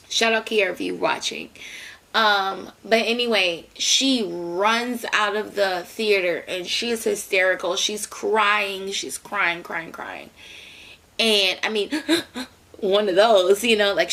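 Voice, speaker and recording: A young adult woman vlogger telling a story casually, in an animated way with lots of fillers and repeated words. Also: medium pitch, vocal fry.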